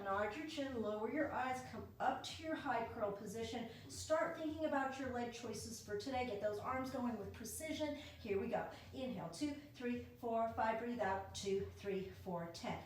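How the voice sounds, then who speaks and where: A woman's voice: a little high, moderate pace. A woman leading a home pilates class, counting reps and cueing breaths in an encouraging way. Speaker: pilates instructor. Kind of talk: guided exercise class. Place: dining room at home. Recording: very echoey room, distant mic, faint noise.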